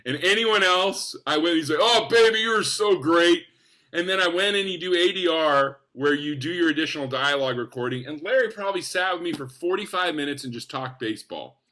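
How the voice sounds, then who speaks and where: A forties-aged actor from Spokane in the US Northwest, guesting on a podcast, tells casual stories with real enthusiasm. His bright, forceful voice sits slightly high for a man, and he speaks briskly with few pauses. He's animated and jumps into other people's voices to act out quotes.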